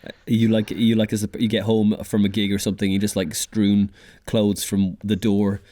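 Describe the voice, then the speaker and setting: A man's voice: lowish voice, level tone, normal speed, dark tone, no echo, clean studio sound. A man in his thirties hosting a podcast, rambling casually, swearing freely and calling people mate. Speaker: podcast host. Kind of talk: casual chat.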